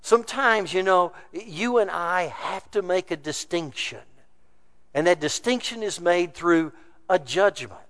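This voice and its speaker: A male pastor preaching a sermon, emphatic, rising loud then dropping low. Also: lively intonation, a little slow. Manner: emphatic preaching with wide swings of pitch and loudness.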